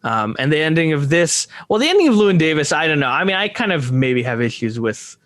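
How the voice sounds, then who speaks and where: A man's voice: fairly high pitch, sing-song, brisk, fairly bright tone, no echo, studio quality. A man co-hosting a podcast, musing about films in casual chat, often restarting his sentences and trailing off. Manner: rambling, full of restarts and hesitations. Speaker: podcast co-host. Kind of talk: casual film discussion.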